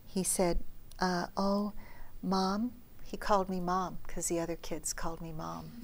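A middle-aged woman meditation teacher giving a dharma talk at a retreat, telling stories gently and often dropping to a soft near-whisper. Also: lowish voice, flat delivery, moderate pace, creaky.

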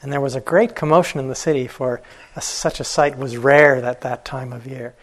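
A man, a meditation teacher, telling an old fable in a gentle, unhurried way during a morning talk. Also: medium pitch, steady tone, rough recording.

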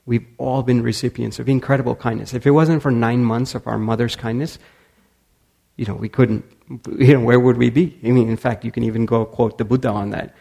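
Guy with a gravelly husky voice giving a dharma talk, animated storyteller. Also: mid-range voice, brisk. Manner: animated storyteller who acts out dialogue and laughs often. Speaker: speaker at a meditation community.

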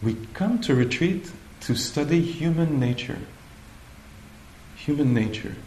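A man giving a dharma talk at a meditation retreat, slow and hesitant, often pausing to search for the right words. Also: on the high side, lively intonation, warm tone, slight background noise. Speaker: meditation teacher. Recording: echoey room, faint ambience.

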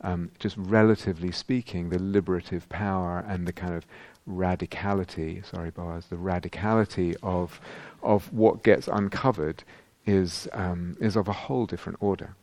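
A male meditation teacher answering a question at a retreat, thinking aloud with frequent restarts and pauses. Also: deep voice, fairly even intonation, darkish tone, no room sound. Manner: thoughtful, searching for words, many restarts. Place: meditation hall.

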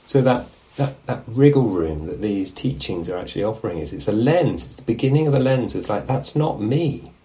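A man with a fairly low voice gives a loose, conversational dharma talk as a meditation teacher. He often pauses to check in with his listeners with a quick "yeah?". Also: expressive, dark tone.

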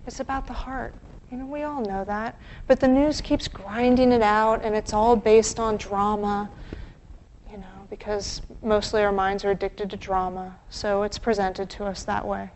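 A woman meditation teacher giving a dharma talk, gentle and reflective, with pauses. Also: mid-range voice, steady tone, a little hiss or hum, low-quality recording.

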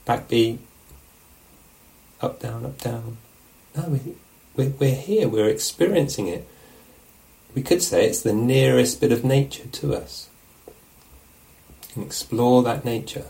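A man teaching meditation, giving a relaxed, musing dharma talk at a retreat and often checking in with his listeners. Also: mid-range voice, slow, vocal fry, long pauses, low-quality recording. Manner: reflective, musing, asks questions of the listeners. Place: meditation hall.

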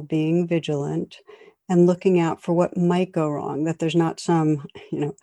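A woman giving a dharma talk as a meditation teacher, gentle and conversational with light humor. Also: deep voice, no echo, clean studio sound.

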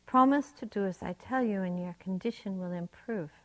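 A serene, gentle old rabbi giving advice, as a woman teacher tells him in a spoken folk tale. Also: medium pitch, normal speed, lightly acted. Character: calm wise old rabbi.

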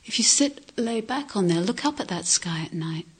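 A woman giving a reflective dharma talk as a meditation teacher, asking questions and often dropping to soft near-whispers. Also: mid-range voice, expressive, moderate pace, breathy edge. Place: retreat centre hall.

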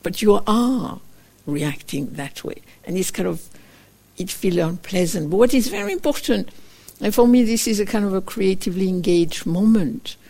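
A woman teaching meditation in a soft, reflective dharma talk. She often slips into little acted-out asides of her own inner voice. Her talk is loose and unhurried, full of small fillers. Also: medium pitch. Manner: gentle, reflective, with frequent fillers like "kind of". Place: meditation retreat center.

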